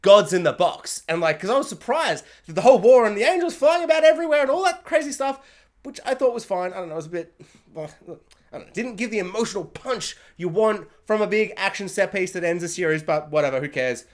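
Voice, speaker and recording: A man casually ranting through a review of a show, jokey and animated, acting out scenes in silly voices. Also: high-pitched, quick pace. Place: hot room at home.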